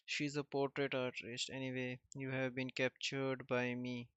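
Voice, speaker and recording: A man reading out the lines of a scheming adult male villain in a flat, even voice. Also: medium pitch, unhurried, smooth, no room sound, close to an everyday voice. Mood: smug. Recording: dull lo-fi recording.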